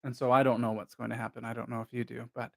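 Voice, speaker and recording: A man with a creaky, mid-range voice and little pitch movement reads a novel aloud as live host. He narrates in a measured way, then offers casual, unscripted musings on the story.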